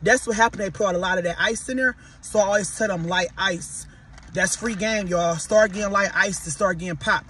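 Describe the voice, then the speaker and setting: A man from Detroit with a Detroit accent, chatting casually to viewers while he eats and reviews fast food, often calling them "y'all". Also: high-pitched, sharp tone, a little hiss or hum. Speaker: podcast host reviewing food.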